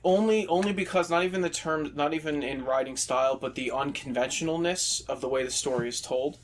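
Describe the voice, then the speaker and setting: A man's voice: a little high, brisk, slight background noise. A man in casual podcast chat, joking, teasing and swearing freely. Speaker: podcast co-host.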